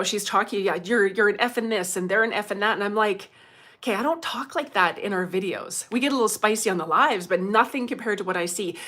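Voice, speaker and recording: A middle-aged woman, hosting a casual livestream as a medium, chatty and quick to laugh, greeting viewers by name. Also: mid-range voice, a bit bright.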